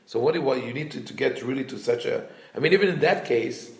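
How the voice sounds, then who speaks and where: A man's voice: mid-range voice, gravelly, reverberant. A man, a rabbi, teaching a class on a Talmudic story, thinking aloud with restarts and acting out the quotes in livelier voices. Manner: retells quotes in lively voices, reads Hebrew quickly.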